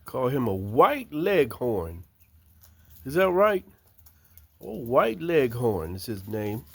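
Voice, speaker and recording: An older man, chatting slowly and fondly to his backyard chickens outdoors. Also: mid-range voice, sing-song, creaky, slightly rough. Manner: slow, drawling, talks fondly to the birds. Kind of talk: casual chat talking to his hens. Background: chickens clucking.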